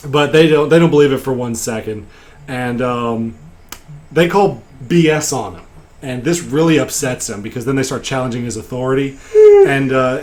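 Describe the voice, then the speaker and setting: Man recapping a game, halting and rambling. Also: medium pitch, darkish tone. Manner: rambling storytelling with frequent pauses and fillers. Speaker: game master recapping a session. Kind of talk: casual podcast recap.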